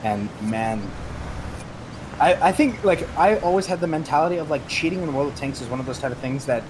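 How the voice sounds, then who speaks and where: A man's voice: fairly high pitch, lively intonation, brisk, noisy background. Rambling male streamer in chat. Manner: rambling, many restarts and fillers. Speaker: guest streamer. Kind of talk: casual gaming chat.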